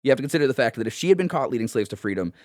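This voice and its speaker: A man's voice: medium pitch, animated, rapid-fire, darkish tone, no room sound, studio quality. A man co-hosting a casual history podcast, rambling and swearing and laughing at his own jokes. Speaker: podcast co-host.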